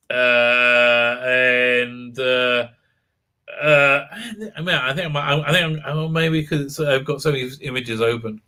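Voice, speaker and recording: A man's voice: medium pitch, sharp tone, smooth. A man hosting a live stream, recapping a show in a sarcastic, mocking way with frequent laughs.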